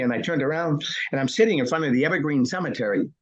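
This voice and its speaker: Husky punchy man in his sixties. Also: on the high side, racing, lo-fi sound. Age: 60s. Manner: punchy storyteller who asks and answers his own questions. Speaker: guest. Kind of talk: storytelling interview.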